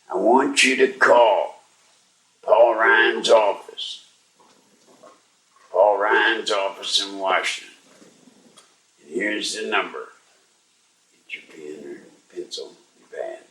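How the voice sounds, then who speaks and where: An older man hosting a talk radio show, sounding weak and unwell as he slowly urges and pleads with listeners. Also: lowish voice, fairly bright tone, echoey room, recorded from a distance, low-quality recording. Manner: slow, strained, pleading and urging listeners to act. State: weak and unwell, struggling to speak. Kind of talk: live talk radio monologue.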